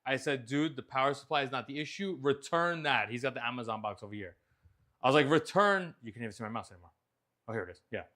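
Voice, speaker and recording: A man's voice: medium pitch, animated, quick pace, sharp tone. A man, hosting a casual chat show and telling a story with a lot of animation and frequent swearing. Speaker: host.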